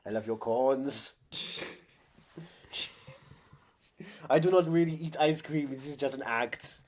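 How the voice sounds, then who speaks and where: A boastful muscleman bragging in a loud, slow, mock-serious drawl, as a man puts him on. The voice sits in an ordinary middle pitch, with heavy stress on every word. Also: close to an everyday voice. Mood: mock-tender. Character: boastful Austrian muscleman action star, male adult.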